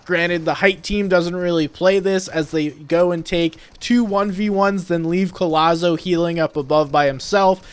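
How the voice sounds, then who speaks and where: A young man explaining team roles in a game as a steady, analytical voice-over. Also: high-pitched, moderate pace, few pauses, clear, resonant tone. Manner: analytical, steady teaching delivery. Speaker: video creator and game analyst.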